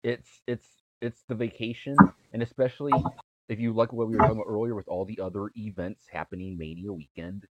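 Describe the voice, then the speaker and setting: A man's voice: on the low side, fairly even intonation, fast, dull audio, very noisy. A man co-hosting a wrestling podcast in casual chat, rambling and restarting his sentences. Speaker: podcast co-host.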